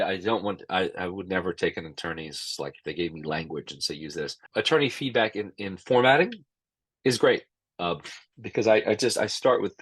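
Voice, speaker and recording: A man's voice: low-pitched, fairly bright tone, breathy edge, no echo. A middle-aged man answering interview questions as an expert witness, emphatic and prone to repeating words as he starts sentences. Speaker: expert witness and law professor.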